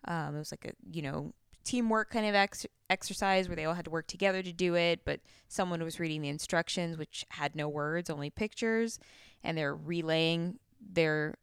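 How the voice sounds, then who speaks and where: Smooth-voiced woman chatting casually. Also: on the low side, normal speed, dry recording, studio quality. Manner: rambling, loses her train of thought, laughs often. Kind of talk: casual chat.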